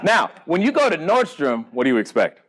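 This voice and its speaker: Animated man quizzing a live audience. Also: a little high, a little fast. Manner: animated storyteller, quizzes the audience, acts out dialogue. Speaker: podcast host speaking at a live seminar. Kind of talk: live seminar talk with audience interaction. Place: event room with a live audience.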